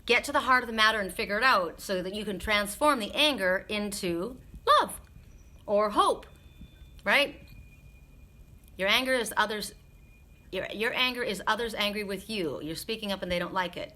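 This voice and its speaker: Woman, spiritual reader, casual live chat with viewers, frank and laughing, bright ringing voice. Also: mid-range voice, normal speed. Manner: frank and chatty, swears freely, laughs often.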